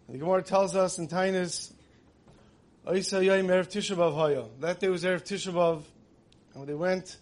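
A man giving a conversational sermon, asking rhetorical questions and weaving in many Hebrew terms. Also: high voice. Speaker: religious speaker.

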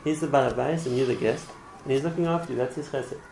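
A man's voice: mid-range voice, fast, vocal fry, a little mellow, slight background noise, rough recording. A man teaching a religious class in an earnest way, often repeating words and restarting his phrases. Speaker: Torah teacher.

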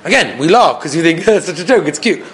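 A man's voice: on the high side, very animated, fast, fairly bright tone, a little hiss or hum. A man giving a storytelling Torah class, acting out the voices of the people in his stories and asking his listeners frequent rhetorical questions. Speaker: rabbi teaching a class.

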